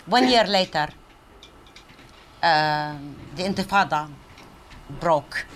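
An older woman from Palestine giving a public speech, conversational and animated, with pauses and fillers. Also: low voice, a little hiss or hum. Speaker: guest speaker, professor.

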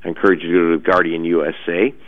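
A man's voice: sits low, level tone, racing. A male journalist guest explaining emphatically in a radio interview. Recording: tinny phone line.

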